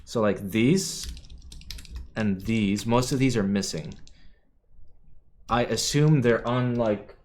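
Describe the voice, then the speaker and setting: Young male streamer, low-pitched, worn out, rambly, cusses, keyboard clicks behind. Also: slow, long pauses, darkish tone. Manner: rambling, swears casually, mutters to himself. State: tired. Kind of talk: casual live-stream chat while building. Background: keyboard clicking and typing.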